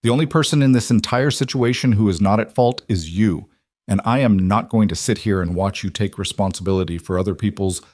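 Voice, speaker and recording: A quietly protective cowboy rancher, voiced by a man reading a story. He talks plainly and firmly, in a low, measured voice. The recording is dry and close. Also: dry recording, natural voice. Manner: measured, firm, plain-spoken.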